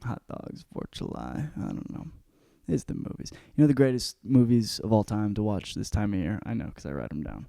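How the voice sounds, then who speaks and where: A young man rants ironically and swears through his own comedy podcast. His voice is gravelly and very lively, and he swings between loud outbursts and low mutters. The sound is close and dry, with no room to it. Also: fairly quick, few pauses, no echo. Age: young adult. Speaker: podcast host. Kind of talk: comedic rant.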